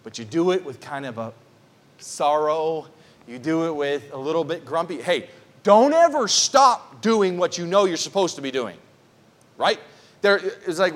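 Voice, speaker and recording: A pastor preaching an earnest, conversational Bible-teaching sermon at a church prayer service, stressing points by repeating them. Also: male voice, a little high, lively intonation, normal speed.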